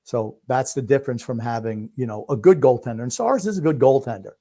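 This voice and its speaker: A man's voice: mid-range voice, lively intonation, fast talker, mellow. A man co-hosting a casual sports podcast, laid-back and rambling as he watches a game. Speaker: podcast co-host.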